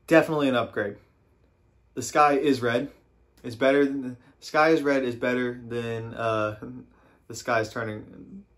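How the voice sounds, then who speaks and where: Laid-back young man reviewing music. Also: medium pitch. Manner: relaxed, rambling, many fillers and restarts. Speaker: music reaction host. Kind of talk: casual album review chat.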